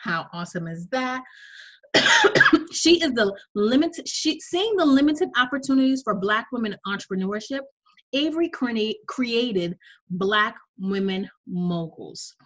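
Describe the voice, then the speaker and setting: A woman's voice: fairly high pitch, lively intonation, unhurried, fairly bright tone, poor audio. Upbeat woman podcast host. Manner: enthusiastic, effusive. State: slight cough.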